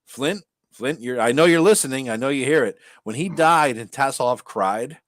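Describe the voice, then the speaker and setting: A man co-hosting a live stream, chatting casually and telling stories in a profane, animated way. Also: medium pitch, normal speed, no echo, clean studio sound. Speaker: co-host.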